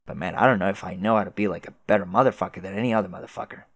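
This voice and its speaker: A man voicing a laid-back, profane young male troll clown with a loud, easygoing drawl. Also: deep voice, rapid-fire, dry recording, studio quality.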